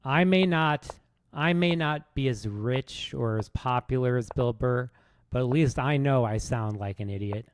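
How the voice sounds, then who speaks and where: A man's voice: medium pitch, a little slow, slight background noise. A man streaming chess, rambling through a rude comic roast with lots of false starts. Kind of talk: casual streaming commentary while playing.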